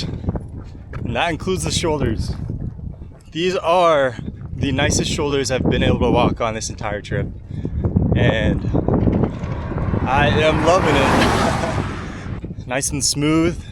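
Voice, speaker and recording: A man talking casually in an upbeat, reflective way while on a long walk outdoors. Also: mid-range voice. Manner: earnest, upbeat and reflective, with small laughs. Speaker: long-distance walker vlogging his journey. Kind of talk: casual vlog monologue. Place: outdoors by a roadside. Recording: outdoor recording with loud wind noise.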